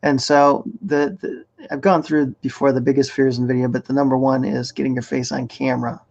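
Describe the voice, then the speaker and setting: A man at a middle pitch with a gravelly edge hosts a casual live-stream chat. He explains things step by step in a relaxed way. The sound is a little dull and lo-fi, as over a video call. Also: fairly quick. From Boston area, Massachusetts. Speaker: host running a video challenge.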